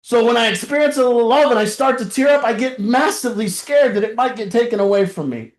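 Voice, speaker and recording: A man addresses a recovery group in a raw, confessional talk, blunt and full of swearing, sinking to near-murmurs and then shouting. His voice sits high for a man. The sound rings around a roomy, echoing meeting room. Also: lively intonation, fast talker. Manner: blunt and profane, swinging from quiet to shouting. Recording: roomy echo.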